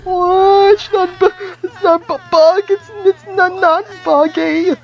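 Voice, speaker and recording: A woman's voice: extremely high pitch, wildly swooping pitch, a little slow, highs cut off, pitched above the performer's own voice, exaggerated voice. A woman voicing a small crying boy with a bug arm, wailing and stammering in a game playthrough. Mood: sobbing.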